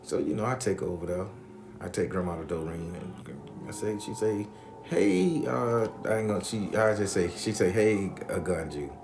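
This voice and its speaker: A man telling a profane personal story in a loose, animated, conversational way. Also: sits low, normal speed, creaky, noisy background. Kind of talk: crude casual storytelling.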